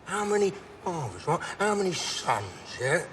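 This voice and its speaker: A man's voice: sits high, big pitch swings, normal speed, fairly bright tone, slight background noise. An actor playing a volatile, profane middle-aged male gangster with a rambling, erratic way of talking. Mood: ranting. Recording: film audio with hall reverb.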